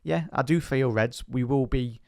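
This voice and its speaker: A man with a thick Scouse accent hosts a casual fan podcast in a mid-pitched voice. He rambles, restarts and repeats words, and speaks with plain passion. The sound is close and dry, with no room echo. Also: normal speed, vocal fry, dark tone. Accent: Liverpool Scouse.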